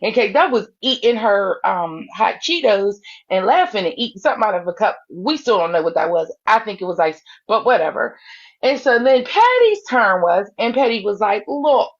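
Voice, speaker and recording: A woman recapping online drama in a casual, animated way, jumping her voice up to act out what others said. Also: moderate pace, lo-fi sound. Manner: animated storyteller who jumps up in pitch to act out quotes. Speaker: live-stream gossip host.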